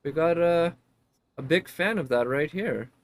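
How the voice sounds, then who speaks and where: A man's voice: on the high side, lively intonation, unhurried. A man giving casual gameplay commentary as a streamer, chatty and thinking aloud, often laughing. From United States.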